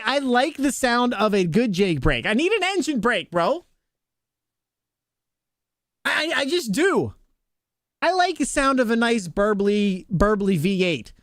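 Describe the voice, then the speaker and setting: A man's voice: extremely high pitch, fairly bright tone, no echo, clean studio sound. A young man livestreaming a game, ranting emphatically in casual slang to his chat. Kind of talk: casual gaming stream chat.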